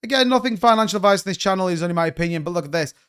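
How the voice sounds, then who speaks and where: A man's voice: high voice, very fast, a bit bright, smooth. A young man hosting a crypto stream, chatting casually and rambling with frequent restarts. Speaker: crypto channel host. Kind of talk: casual livestream chat.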